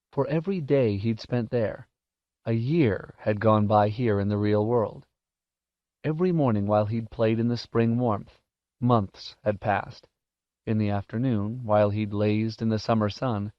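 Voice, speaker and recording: Guy reading a novel aloud, calm storyteller, dull dry old tape sound. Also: lowish voice, no room sound. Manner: measured, expressive storytelling. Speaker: audiobook narrator. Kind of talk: scripted narration. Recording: dull, dry cassette audiobook recording.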